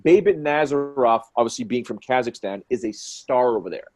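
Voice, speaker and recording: A man in his forties, a fight commentator guest, telling stories in an excitable, quick way and acting out what people said. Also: medium pitch, over music. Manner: excitable, quick storyteller who acts out quotes. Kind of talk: animated storytelling in conversation.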